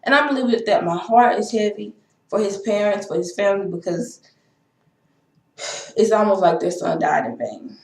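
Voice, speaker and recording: A woman's voice: medium pitch, lively intonation, moderate pace, long pauses, darkish tone. Impassioned young woman, echoey room. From Texas. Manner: impassioned, repetitive, frustrated. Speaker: vlogger. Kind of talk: emotional personal vlog rant.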